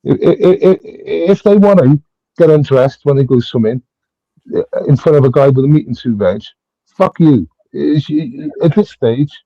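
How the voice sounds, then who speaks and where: A man's voice: on the high side, lively intonation, moderate pace, no room sound, muffled recording. A British man in a heated casual debate who stammers, repeats words and swears a lot. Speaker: panel host.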